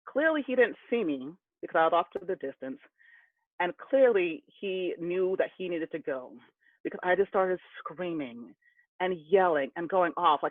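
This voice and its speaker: A man tells a candid personal story, his voice sitting a little high and heating up as he recalls his anger. The sound is dry and close, squeezed through a narrow, phone-like band. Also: expressive, moderate pace, dry recording. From California. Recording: tinny phone-like line.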